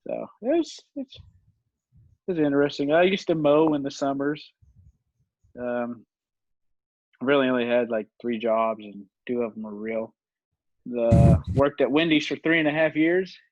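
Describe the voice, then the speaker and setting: A man's voice: mid-range voice, measured pace, long pauses, darkish tone, no echo. A man in his twenties, a podcast guest, telling stories in a rambling, casual way, laughing often and using lots of fillers. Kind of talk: casual storytelling chat. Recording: dull, dry lo-fi recording.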